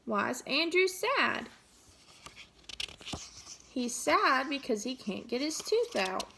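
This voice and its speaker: A woman teacher reading a picture book aloud to children, pausing to ask gentle questions. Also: high-pitched, big pitch swings, vocal fry, a little hiss or hum.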